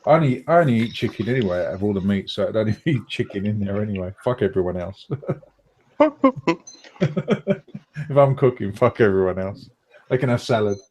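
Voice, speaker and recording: A man's voice: lowish voice, lively intonation, fairly quick, long pauses, darkish tone, breathy edge. A man chatting on a stream after a sleepless night and some drinks, laid-back and joking. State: tired and tipsy. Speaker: guest on the stream. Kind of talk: casual chat.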